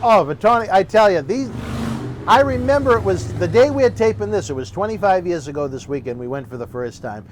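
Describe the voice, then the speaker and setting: Male studio host, high and lively pitch, reminiscing casually. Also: brisk, background noise. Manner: chatty, eager, feeds the guest lines. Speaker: interview host.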